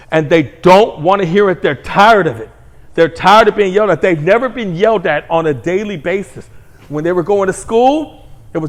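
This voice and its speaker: A man's voice: high voice, fairly bright tone. A man who is a parent, ranting his opinions in a mocking, profane way and acting out the voices of the people he quotes. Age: adult parent. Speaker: commentary channel host. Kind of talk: opinion rant to camera.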